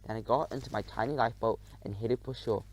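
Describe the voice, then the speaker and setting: A man narrating a children's adventure audiobook in the first person, telling it in an expressive, dramatic way. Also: lowish voice, quick pace, rough recording.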